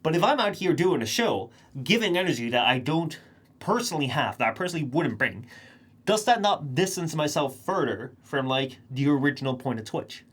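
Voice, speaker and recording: A man's voice: a little high, animated, moderate pace, a bit bright, slightly rough. A young man streaming live, talking casually to his chat in a rambling, think-aloud monologue.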